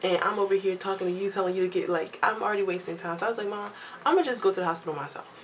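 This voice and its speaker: A young woman telling a casual storytime vlog at home, lively and chatty, acting out what others said. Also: mid-range voice, very fast, a little hiss or hum, rough recording. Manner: chatty, animated quoting of others, laughs often. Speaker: vlogger.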